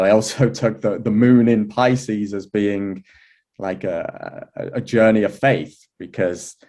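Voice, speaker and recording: Mellow, chatty man telling a story. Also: on the low side. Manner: chatty storytelling with frequent fillers and restarts; laughs now and then. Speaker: astrology teacher. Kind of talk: relaxed anecdotal talk.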